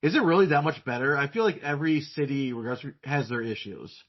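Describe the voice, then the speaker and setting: A man hosting an interview podcast, asking curious questions in a casual way with quick bursts of speech. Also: animated. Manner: curious, asks with rising pitch and quick bursts. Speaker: podcast host, therapist. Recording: dull lo-fi audio.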